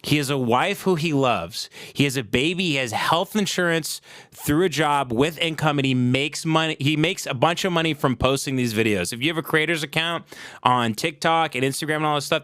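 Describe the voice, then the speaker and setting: Bright-voiced man on a sarcastic rant. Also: fairly high pitch, normal speed, no room sound. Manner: sarcastic, profane, worked-up. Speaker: comedy podcast host. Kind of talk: comedic rant.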